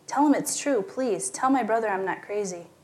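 A woman's voice: fairly quick, a little mellow, natural voice. Woman doing a frantic young woman in a hospital. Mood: pleading. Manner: pleading, frantic, rising pitch.

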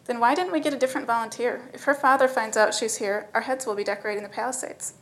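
A woman's voice: fairly high pitch, fast talker, lightly acted, rough recording. A woman voicing a frustrated male apprentice technician with a whiny, exasperated way of talking.

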